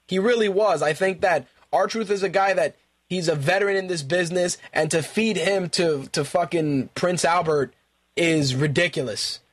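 A man's voice: sits high, normal speed, slightly rough. A man hosting a talk radio show, ranting in profane, exasperated bursts and repeating himself when worked up. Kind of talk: ranting wrestling commentary.

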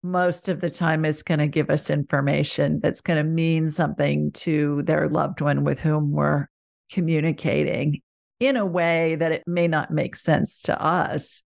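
A woman's voice: low voice, a little slow, creaky. A woman, a guest medium in a casual interview, telling stories animatedly and acting out the dialogue she quotes. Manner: animated storyteller who acts out quoted dialogue.

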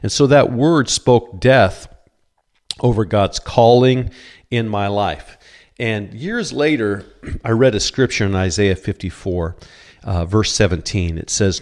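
A man's voice: fairly low pitch, animated, measured pace, a little mellow. A middle-aged man preaching a sermon as a pastor, earnest and quoting scripture, often stammering on repeated words. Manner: cites scripture verses.

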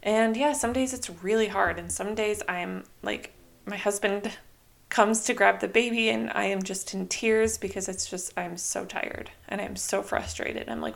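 A young woman hosting her own podcast in a casual, chatty way, full of "like" and "you know", now and then quoting herself in lively voices. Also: mid-range voice, normal speed, gravelly. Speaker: podcast host. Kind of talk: casual solo podcast talk.

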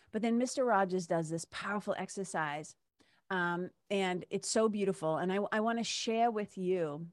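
A woman's voice: on the low side, dry recording, clean studio sound. A woman in her fifties hosting a show, telling a story in an emotional, casual way and often asking "right?". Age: 50s. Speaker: host. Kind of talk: casual heartfelt monologue.

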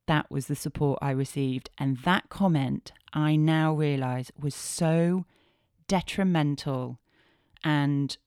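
A woman in her thirties hosts a candid podcast in a low voice. She swears freely and moves from hushed asides to animated bursts. The sound is close and dry. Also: dry recording. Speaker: podcast host.

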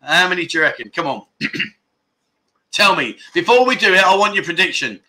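Hosting a relaxed livestream chat show from Thailand, a London man with a London accent works through viewer comments, chatty and joking. His high-pitched, sharp voice is animated at a moderate pace, and he rambles with restarts and laughs.

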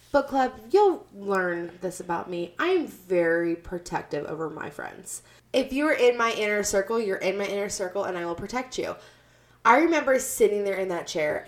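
A woman hosts a podcast, chatting casually as she tells a story. She talks bluntly, swears freely and acts out the people in it. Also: mid-range voice. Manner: blunt, profane, animated retelling. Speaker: podcast host.

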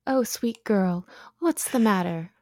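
A woman's voice: medium pitch, takes it slowly, darkish tone, dry recording, clean studio sound. A woman playing a sweet, prying motherly housewife. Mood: soothing. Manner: soothing, coaxing, chatty. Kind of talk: audio drama acting.

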